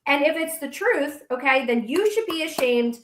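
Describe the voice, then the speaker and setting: A woman's voice: high-pitched, lively intonation, moderate pace, reverberant, a little hiss or hum. A woman guest in a heated interview, talking bluntly and combatively, with some profanity.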